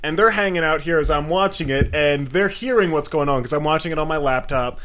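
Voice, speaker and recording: A man's voice: a little high, brisk, fairly bright tone. A man co-hosting a casual podcast, retelling a film scene with lots of swearing and acted-out quotes. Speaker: podcast co-host. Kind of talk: casual movie chat.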